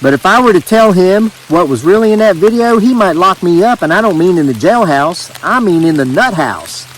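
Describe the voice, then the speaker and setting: Man, folksy joking drawl, slightly higher voice, reading a yarn outdoors. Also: animated, normal speed, a little hiss or hum, low-quality recording. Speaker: homesteading channel host. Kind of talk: reading a story aloud. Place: outdoors in the rain.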